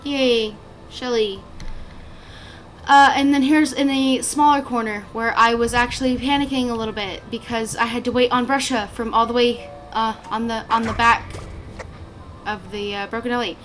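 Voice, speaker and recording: A woman's voice: fairly high pitch, fairly even intonation, normal speed, fairly bright tone, slight background noise. A woman giving casual, rambling commentary over her gameplay, with plenty of fillers and restarts. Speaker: gaming channel creator.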